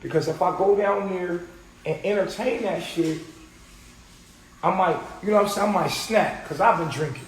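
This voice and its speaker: A man's voice: high-pitched, normal speed. A man talking heatedly and profanely in a casual group conversation, acting out what people said. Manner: animated, profane, retells quotes. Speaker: podcast host. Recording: roomy echo with faint noise.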